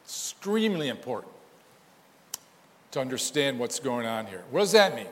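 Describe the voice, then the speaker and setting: A man's voice: medium pitch, very animated, moderate pace, in a large hall. A man preaching a sermon as pastor, emphatic and full of rhetorical questions.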